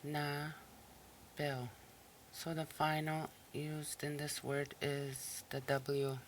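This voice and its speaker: In a recorded listening lesson with a slight hiss or hum, a language teacher speaks very slowly in a mid-range voice. The delivery is patient and evenly explanatory, repeating each word and separating it into syllables.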